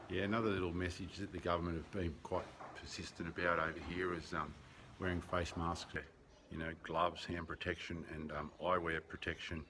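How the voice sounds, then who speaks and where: A man's voice: sits low, flat delivery, a little fast, few pauses, background noise. A middle-aged Australian man rambling earnestly through a casual video diary, with lots of ums and blunt, sweary asides. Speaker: vlogger keeping a lockdown diary.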